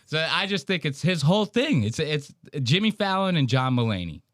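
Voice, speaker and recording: A man's voice: fairly high pitch, sing-song, moderate pace, noisy background. A man co-hosting a podcast, talking in casual, mocking banter and swearing freely. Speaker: podcast co-host.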